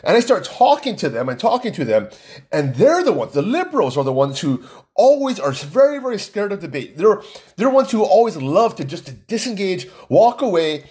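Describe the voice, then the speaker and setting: Male podcast host, casual solo monologue, husky voice, a bit higher than most men, talks in rambling asides. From Hawaii. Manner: chatty, rambling, animated, with frequent restarts and asides.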